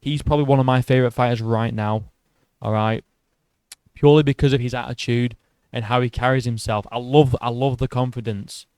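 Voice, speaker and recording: A man's voice: mid-range voice, fairly even intonation, fairly quick, a little mellow, clean tone, no room sound. A man hosting an MMA video who rants in a casual, profane and sarcastic way. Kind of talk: casual opinion rant.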